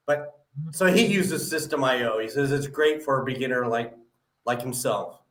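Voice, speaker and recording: A man's voice: mid-range voice, normal speed, fairly bright tone. A man hosting a live-stream podcast, chatting upbeat with lots of "uh" fillers. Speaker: podcast host. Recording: roomy echoey audio.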